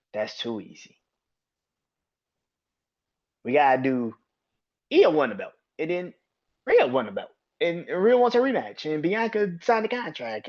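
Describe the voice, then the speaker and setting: A man's voice: sits high, a little mellow. Profane ranting man, dull lo-fi sound. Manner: ranting, heavy swearing; exasperated rhetorical questions. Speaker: podcast host. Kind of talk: solo wrestling commentary podcast.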